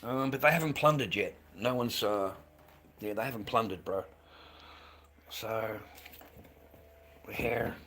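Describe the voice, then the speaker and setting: An Australian man in middle age chats on his livestream in a bright, forward voice. He rambles, repeats his points, and drops in mate and the odd swear word. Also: lowish voice, measured pace, long pauses. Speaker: livestreamer selling handmade masks. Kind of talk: casual livestream chat.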